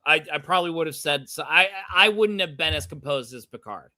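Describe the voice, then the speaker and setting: A man's voice: a little high, animated, a little fast, pushed and bright. A man co-hosting a podcast, reflecting aloud on how he would have handled things. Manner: reflective, thinks aloud about what he would have done. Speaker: podcast co-host. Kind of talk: casual chat.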